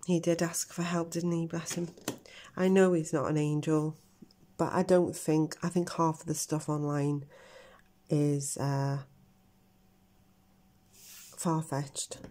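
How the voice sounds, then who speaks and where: A woman's voice: low voice, level tone, slow pace, pauses often, mellow. A middle-aged woman giving a tarot reading to her viewers, talking earnestly and speculating about what she senses. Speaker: tarot reader.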